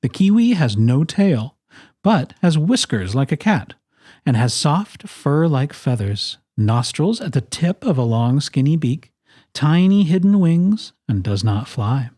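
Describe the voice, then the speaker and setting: Children's picture-book reading, unhurried, lively melody, playful emphasis, dry close sound. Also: mid-range voice, no echo. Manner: expressive, playful emphasis on lists. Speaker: storyteller.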